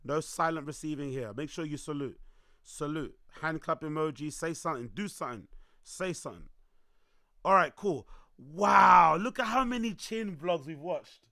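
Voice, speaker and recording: A young man, his voice worn hoarse, chatting loosely to his livestream audience, repeating himself and swearing as he goes. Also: a little high, normal speed, sharp tone, dry recording, clean studio sound. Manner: loose, repetitive, swearing, talks to chat. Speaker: livestream host. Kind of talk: casual livestream chat.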